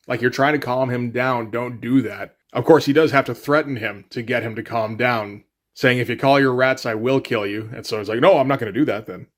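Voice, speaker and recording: A young man hosting a casual comic book breakdown, retelling scenes animatedly and quoting characters, with the odd swear. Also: mid-range voice. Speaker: comics review host.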